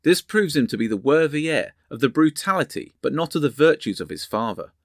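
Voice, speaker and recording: Lively male storyteller reading history. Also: on the high side, no room sound, studio quality. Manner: measured, storytelling. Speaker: history narrator. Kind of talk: reading history and a novel aloud.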